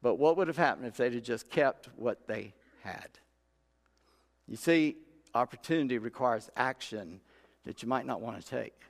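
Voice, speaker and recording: Folksy preacher in a reverberant church. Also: male voice, mid-range voice, expressive, normal speed, gravelly. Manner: folksy storytelling, acts out voices in quotes. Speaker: pastor. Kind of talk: sermon. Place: church sanctuary. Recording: long hall reverb.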